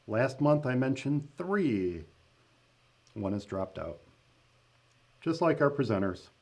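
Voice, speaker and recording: A man's voice: medium pitch, animated, slow. A man hosting a casual live-stream update as the event organizer, talking loosely with many fillers, restarts and laughing asides.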